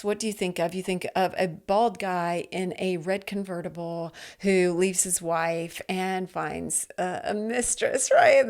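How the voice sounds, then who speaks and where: A middle-aged woman hosting a solo motivational podcast, talking in an earnest, chatty way with frequent restarts and checks of "right?", wearing headphones. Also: mid-range voice. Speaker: podcast host. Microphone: headphones with a mic.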